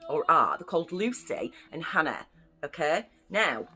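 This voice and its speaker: A woman's voice: sits low, big pitch swings, unhurried, pushed and bright. A young woman from the UK reading a children's bedtime story aloud, with chatty, playful asides to the listening children. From United Kingdom.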